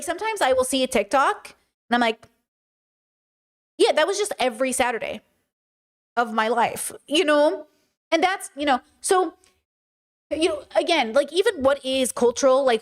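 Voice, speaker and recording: Young woman host for a casual stream; chatty and animated, sits a little high, lapses into imitated voices. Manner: animated, chatty, often mimics voices mid-story. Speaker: livestream host. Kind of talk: casual livestream chat.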